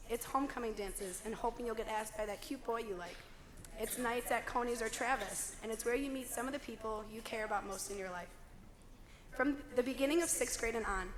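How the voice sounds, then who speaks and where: A young woman giving a graduation speech as class president, hoarse from losing her voice, with wry joking asides. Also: on the high side, a bit bright, slight background noise. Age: young adult. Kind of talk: commencement speech. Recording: long hall reverb.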